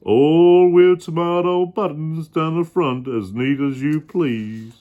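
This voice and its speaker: A man's voice: fairly high pitch, slow pace, narrow, tinny audio. A man reading a children's picture book aloud in a playful way. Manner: playful, stops to joke about the story. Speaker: storybook reader.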